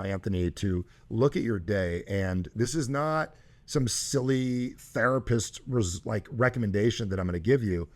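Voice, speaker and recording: A man hosting a show and coaching a caller, talking emphatically with loud, high bursts. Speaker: host and coach.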